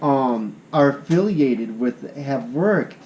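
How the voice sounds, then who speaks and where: A man's voice: medium pitch, animated, slow pace, a little mellow, dull audio, a little hiss or hum. A man with a Rust Belt American accent, co-hosting a podcast in rambling casual chat and cracking crude jokes. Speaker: podcast co-host.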